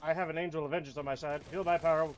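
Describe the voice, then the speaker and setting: A man's voice: a little high, fairly even intonation, racing, slight background noise, natural voice. A man doing a boastful, commanding adventurer. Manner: grandiose, commanding. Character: boastful adventurer calling on angelic power.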